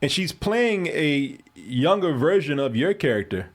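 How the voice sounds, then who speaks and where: A man's voice: fairly high pitch, sing-song, unhurried. A man hosting a casual interview, chatty and laughing often, with long rambling questions. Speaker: interview host.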